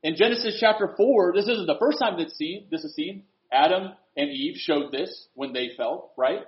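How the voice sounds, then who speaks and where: A man preaching a sermon, swinging from loud, emphatic lines to hushed, earnest asides. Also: fairly high pitch, moderate pace, highs cut off.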